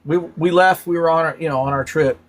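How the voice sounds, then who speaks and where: A man's voice: a little high, fairly even intonation, brisk. A man hosting a casual live stream, animatedly explaining slang terms one by one and laughing often.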